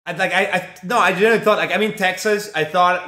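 Bright-voiced young man streaming from a roomy kitchen. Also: high voice, fast. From Mexico. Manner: rambling, profane, full of fillers. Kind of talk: casual live-stream chat while cooking. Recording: roomy home echo.

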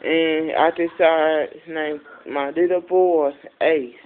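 A woman's voice: low voice, fairly even intonation, takes it slowly, narrow, tinny audio. A woman talking to her puppy in a casual phone video, cooing and praising in baby talk. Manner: coos and praises in baby talk, sing-song. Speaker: dog owner.

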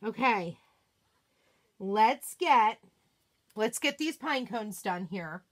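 A woman hosting a live crafting demo, chatting excitedly and talking to herself as she works. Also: fairly high pitch, drawn-out words. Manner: excitable, gushing, talks to herself while working. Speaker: craft demonstrator, live streamer.

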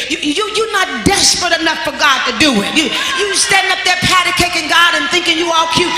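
Woman preacher, very high voice, shouting fervently over organ and congregation in an echoey hall; rhythmic, repeating phrases. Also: normal speed. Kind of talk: shouted sermon. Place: large church sanctuary. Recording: echoey hall with music and crowd.

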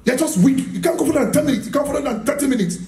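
Racing along in a very high, darkish voice, a man preaches a charismatic sermon. The mic is far off in an echoey church hall, and he leans on repetition and emphasis, asks the audience questions and laughs often.

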